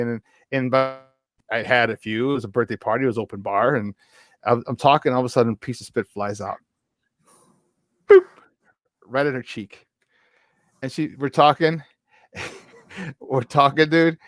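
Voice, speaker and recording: A man co-hosting a sports talk show, telling a long story in a casual, animated way and jumping into the voices of the people he quotes. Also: medium pitch, moderate pace, pauses often, no room sound. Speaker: co-host. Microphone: remote mic, virtual studio.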